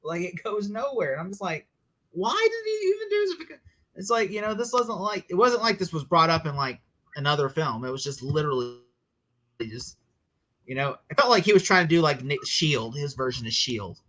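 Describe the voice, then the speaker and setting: A young man chatting casually as a guest movie reviewer, animated and full of fillers, mocking what he quotes. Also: fairly high pitch, fairly quick. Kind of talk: casual podcast chat.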